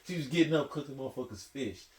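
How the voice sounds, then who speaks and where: A man, hosting a casual group chat. He tells stories animatedly, swings between loud and soft, and laughs often. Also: medium pitch, animated, fast talker. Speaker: podcast host. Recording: echoey room, faint hiss.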